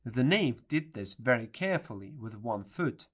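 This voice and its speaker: A reader narrating a storybook in a clear, measured way. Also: medium pitch, animated. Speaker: audiobook reader.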